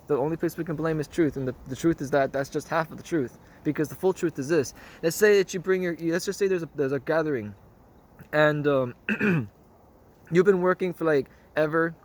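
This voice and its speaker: A man with a somewhat raised pitch thinks out loud in an unscripted monologue. He rambles earnestly, circling back to the same phrase and often asking whether the listener follows. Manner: rambling and repetitive, often asks "you know what I mean?". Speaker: spiritual vlogger.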